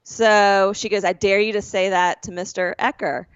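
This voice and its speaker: A woman's voice: mid-range voice, steady tone, moderate pace, smooth, dry recording, lo-fi sound. A woman co-hosting a podcast, telling a rambling school story in casual chat and correcting herself as she goes. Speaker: podcast co-host.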